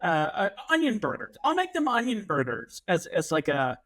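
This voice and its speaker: Podcast co-host, playful man, high and bouncy voice. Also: wildly swooping pitch, moderate pace, fairly bright tone. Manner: playful, joking. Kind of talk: casual podcast chat.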